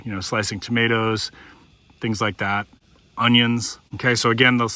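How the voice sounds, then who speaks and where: Bright-voiced man reviewing a knife. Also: mid-range voice. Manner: conversational, demonstrating as he talks, folksy. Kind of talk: casual product review.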